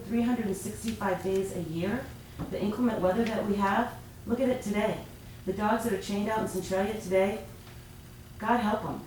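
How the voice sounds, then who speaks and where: A woman's voice: medium pitch, a little mellow. A woman who directs an animal rescue, speaking earnestly in a public comment at a city council meeting. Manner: earnest, pleading. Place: council chamber. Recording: echoey chamber, far from mic, faint noise.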